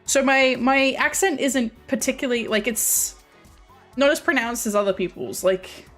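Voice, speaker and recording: A woman's voice: sits high, normal speed, fairly bright tone, soft background music. A woman streamer with a light Australian accent, chatting casually to her viewers in a rambling way, often restarting and correcting herself.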